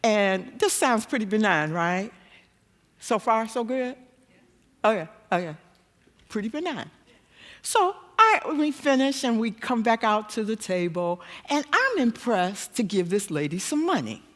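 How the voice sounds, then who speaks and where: A woman preacher telling a personal story in a church sermon, animated and self-mocking, often laughing at herself. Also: a little high, a little slow. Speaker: guest preacher. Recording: long church-hall reverb.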